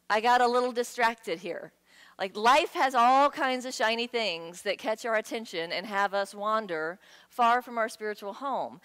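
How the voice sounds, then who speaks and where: A woman giving a sermon in a conversational, playful way, with lively asides to the congregation. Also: on the high side. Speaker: guest speaker. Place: church sanctuary. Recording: long hall reverb.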